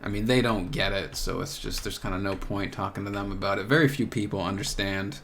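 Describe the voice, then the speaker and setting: A young man hosting a solo podcast, thinking out loud in a searching, rambling way with many filler words. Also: on the low side, fairly even intonation, fairly quick, gravelly, a little hiss or hum. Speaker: podcast host. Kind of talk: reflective solo monologue.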